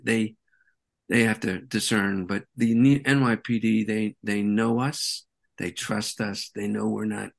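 A man being interviewed as a guest, recounting events in an animated, rambling way. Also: on the low side, vocal fry. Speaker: interview guest, peace activist. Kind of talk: conversational interview.

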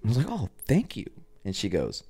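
Man, low resonant voice, dry close mic, animated profane storyteller, podcast guest. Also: brisk, breathy edge, no echo. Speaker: guest artist.

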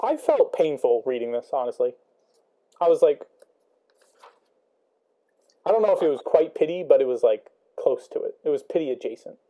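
A man's voice: fairly high pitch, big pitch swings, moderate pace, pauses often, warm tone. A young man talking through a book chapter casually, thinking aloud with many ums and rhetorical questions. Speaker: student discussing a book.

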